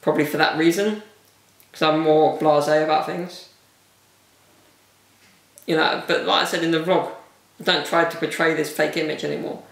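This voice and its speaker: A man's voice: on the high side, steady tone, normal speed, gravelly, long pauses, a bit bright, recorded from a distance. A man hosting a casual solo podcast, talking candidly and rambling with frequent laughs, his voice wearing thin. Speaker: vlogger and podcast host. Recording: echoey room, mic set back.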